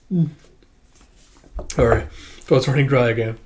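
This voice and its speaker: A man's voice: mid-range voice, unhurried, pauses often, darkish tone. Rambling man retelling a comic. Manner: rambling, filler-heavy with lots of "like". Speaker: comic book reviewer. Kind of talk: casual comic read-through.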